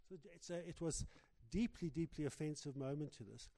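A man delivers a sermon with a fairly high yet dark, mellow voice. He stumbles and restarts often as he goes. His words ring out with a long reverb from a large hall. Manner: halting, many restarts and fillers. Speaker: preacher.

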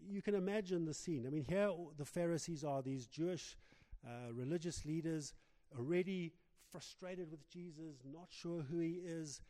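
A man preaching a sermon, talking in a halting way with many restarts and fillers. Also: fairly high pitch, dark tone. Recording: long reverb of a large hall.

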